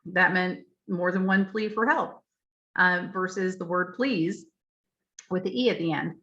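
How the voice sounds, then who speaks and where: Lady teacher-trainer, lowish voice, breaks down spelling step by step, muffled lo-fi audio. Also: a little slow, sharp tone. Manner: explanatory, spells out letters, frequent "um" and "right?". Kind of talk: professional development talk.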